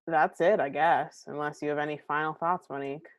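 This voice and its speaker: Young woman podcast host, lower voice, rambling self-deprecating chatter, dry close sound. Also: fairly even intonation, brisk, dry recording, dull audio. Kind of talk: casual chat.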